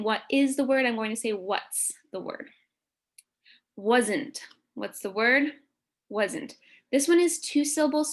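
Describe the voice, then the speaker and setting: A woman teacher giving a phonics lesson to children, speaking slowly and over-articulating each sound. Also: a little high.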